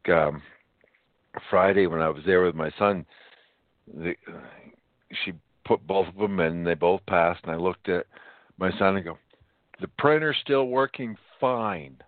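Man, very low voice, laid-back, chuckling, casual chat, phone-like dry sound. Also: fairly even intonation, a little slow, long pauses, no room sound. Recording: dry tinny phone line.

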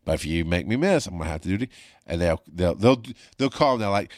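Speaking a little fast in a low, expressive voice, this podcast host, once a paramedic, rambles through stories in a blunt, profane monologue. The studio-quality recording has no room sound.

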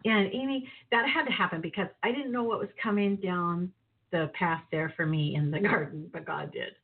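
Lively woman telling a story on a phone line. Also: fairly low pitch, moderate pace, slightly rough. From northern Minnesota. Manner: lively, laughing, acts out voices in her story. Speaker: guest. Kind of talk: animated storytelling. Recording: phone-like narrow sound.

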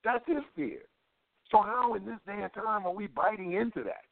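A man's voice: high-pitched, moderate pace, vocal fry, no room sound. A man giving impassioned talk-radio commentary, with a fervent, preacher-like cadence and lots of repetition. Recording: tinny phone-line sound.

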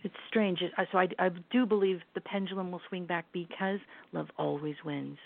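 A woman's voice: on the low side, fairly even intonation, brisk, creaky. A middle-aged woman as an interview guest, talking in an earnest, reflective way with hesitant restarts. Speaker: guest, lifestyle brand founder. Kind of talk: casual interview chat. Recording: tinny phone line.

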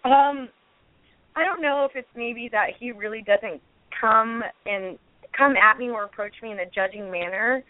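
A woman's voice: fairly high pitch, normal speed, no room sound. Woman guest calling in to a radio show, candid and defensive, talking in long restarting runs over a thin phone line. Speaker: reality show cast member, guest. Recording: tinny phone line, dry.

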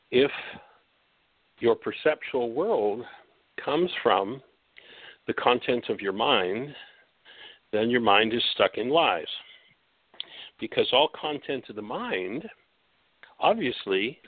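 A man's voice: mid-range voice, no echo. A man hosting a radio talk show, lecturing in a teacherly way and posing rhetorical questions he then answers. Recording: tinny phone-like line, dry.

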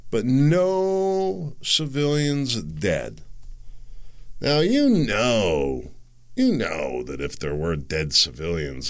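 A middle-aged man hosting his own podcast, talking casually on his own in a rambling, wry way and chuckling at his own jokes. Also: medium pitch. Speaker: podcast host. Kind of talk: casual solo podcast monologue.

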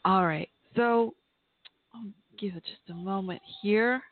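A woman's voice: mid-range voice, slow, no echo. Chatty woman host on a tinny line. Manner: chatty, apologetic, thinks aloud. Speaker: podcast host. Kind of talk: casual call-in show chat. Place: home office.

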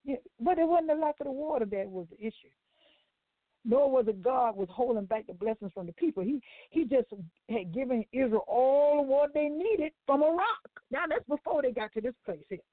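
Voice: high voice, expressive, brisk. A gospel talk show co-host speaks in an emphatic, preaching way, rambling and repeating words, with loose, informal grammar. The voice comes through a thin, phone-like line. The sound is dry, with no room echo. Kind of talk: preaching-style commentary.

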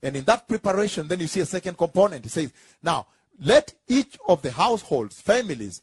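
Husky high-voiced man preaching a sermon. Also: no room sound. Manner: emphatic and repetitive, rising into drawn-out shouts; asks the congregation for confirmation.

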